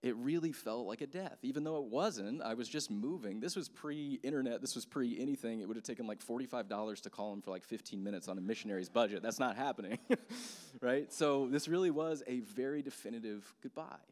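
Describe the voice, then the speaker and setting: A man's voice: mid-range voice, fairly quick. A man in his thirties telling a personal story as a sermon, speaking casually with many fillers. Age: 30s. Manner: conversational, animated, many fillers. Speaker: pastor. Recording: long hall reverb.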